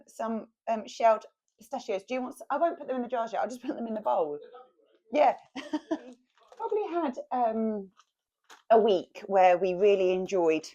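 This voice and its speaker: A woman's voice: medium pitch, darkish tone. A woman chatting casually as she cooks at home for her vlog. She is homely and laughs often. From England. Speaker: vlogger. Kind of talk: casual chat while cooking.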